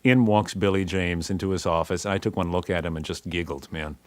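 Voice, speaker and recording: A man's voice: deep voice, fairly quick, no room sound. A man recalling his band's early days in casual, slangy spoken-word storytelling, acting out voices and sounds as he goes.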